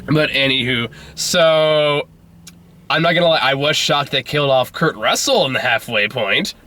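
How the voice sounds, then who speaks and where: A man's voice: mid-range voice, animated, normal speed, bright, forceful tone. A man hosting a casual movie review chat, laughing often, going off on tangents and swearing casually.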